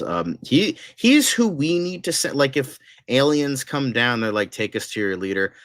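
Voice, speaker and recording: A low-pitched man rambles and gushes through casual chat, stacking filler words as he goes. He sounds tired and a bit delirious from the late hour. The recording is dry and close, with almost no room sound. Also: fairly bright tone, no echo. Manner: gushing, rambling with many fillers.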